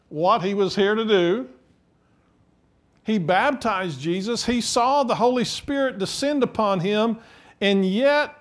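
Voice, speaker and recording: A man preaching a sermon, lively and animated, acting out scripture quotes in different voices and laughing between points. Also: high voice. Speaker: pastor.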